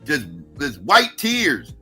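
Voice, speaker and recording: A man rants on his livestream, cursing nonstop and mocking, with loud bursts. His voice is very bright and forceful, a bit high, with faint music behind. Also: wildly swooping pitch, slow pace, slightly rough. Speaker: livestream host. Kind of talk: profane political rant.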